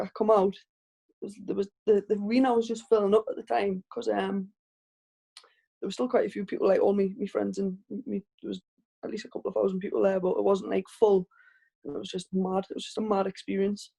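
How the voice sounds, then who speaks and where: A woman's voice: mid-range voice, creaky, dark tone. A woman with a Geordie accent, a professional boxer, telling stories in a casual interview over a video call with lots of restarts. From Northeast England. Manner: chatty storytelling with frequent restarts and laughs.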